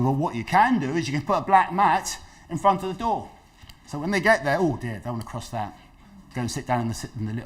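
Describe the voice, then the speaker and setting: Animated man giving a talk. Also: mid-range voice. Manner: lively storytelling, acts out quoted voices. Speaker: dementia awareness trainer. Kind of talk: health talk to an audience.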